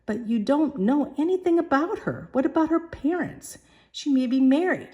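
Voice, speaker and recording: A woman's voice: high voice, big pitch swings, normal speed, warm tone, muffled recording, pitched above the performer's own voice. Woman doing a scolding proper housekeeper. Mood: protesting. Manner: scolding, insistent. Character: firm, proper middle-aged housekeeper woman.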